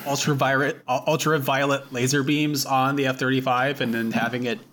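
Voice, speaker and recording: A man's voice: mid-range voice, little pitch movement, fairly quick, a bit bright, slight background noise. A man co-hosting a podcast in casual chat, rambling and swearing freely. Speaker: podcast co-host.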